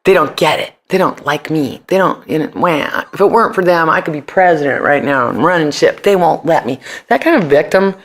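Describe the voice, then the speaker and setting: A man's voice: on the high side, fairly quick, hardly any pauses. Brash, profane middle-aged man. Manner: brash, profane, animated, jumps into voices for quotes. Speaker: guest. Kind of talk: casual interview storytelling.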